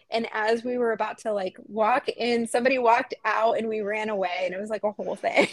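A woman's voice: on the high side, steady tone, a little fast, dry recording. Chatty 30s woman cohost, laughs a lot, super dry mic. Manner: chatty storyteller, laughs often. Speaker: podcast co-host. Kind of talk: casual chat.

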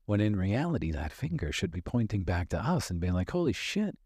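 Low, husky man, animated coaching talk. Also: fairly quick, no room sound, clean studio sound. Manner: candid and emphatic, swears casually, repeats phrases for stress. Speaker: podcast host and life coach. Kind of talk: motivational podcast monologue.

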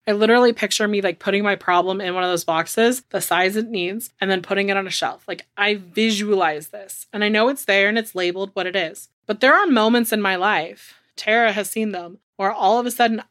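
A woman's voice: mid-range voice, fairly bright tone, no echo. A woman in her thirties co-hosting a podcast, talking frankly in casual chat, swearing and saying "like" a lot. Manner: frank and candid, swears, heavy use of "like". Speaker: podcast co-host.

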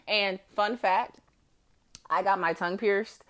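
A woman's voice: mid-range voice, a little slow, fairly bright tone. A woman in her forties hosting a podcast, telling a comedic story in a brash, profane way and often laughing mid-sentence. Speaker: podcast host.

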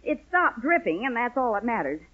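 An unflappable, patient mother in an old radio comedy, giving instructions in a calm, reassuring way. Her voice sits high, and the sound is thin and tinny like a vintage broadcast. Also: fairly quick. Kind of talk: 1940s radio sitcom acting.

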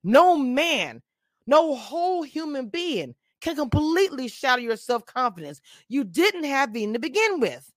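A woman's voice: high-pitched, big pitch swings, unhurried, no echo, clean studio sound. Blunt woman giving a frank show review. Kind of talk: casual live-stream commentary.

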